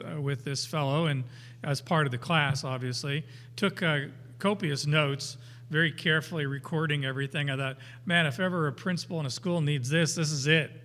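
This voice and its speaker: An older man teaches from scripture at a slow, deliberate pace, his voice bright and a touch high for a man. He mixes homely stories with emphatic readings of the verses. A long reverb trails each phrase, as if he is speaking in a large hall. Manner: folksy, unhurried, with anecdotes and chuckles. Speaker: Bible teacher.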